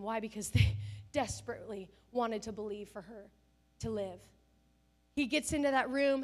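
A middle-aged woman pastor giving a sermon, telling family stories and acting out the people she quotes. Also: on the high side. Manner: animated storytelling, acts out family scenes and quotes with bursts of laughter.

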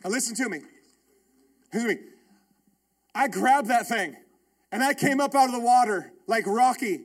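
This man, a pastor in his thirties, preaches from his own life story with lively emphasis and plenty of repetition. His voice is very high, at an ordinary pace.

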